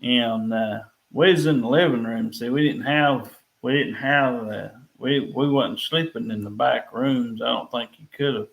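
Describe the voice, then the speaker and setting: A man's voice: mid-range voice, measured pace, vocal fry, a bit bright, poor audio. A man in casual chat, explaining things in a rambling, folksy way. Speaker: live stream guest.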